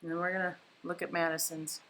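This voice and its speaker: A woman hosting a live painting stream from home, chatting casually, reading viewer comments aloud and thinking out loud as she paints. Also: lowish voice, level tone, quick pace, a little hiss or hum. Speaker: livestream painting host. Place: home, indoors.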